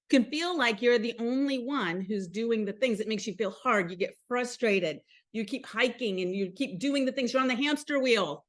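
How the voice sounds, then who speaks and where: A woman's voice: fairly high pitch, a bit bright. A woman with a Southern accent hosting a live motivational talk, chatty and upbeat, speaking straight to her viewers. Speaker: host.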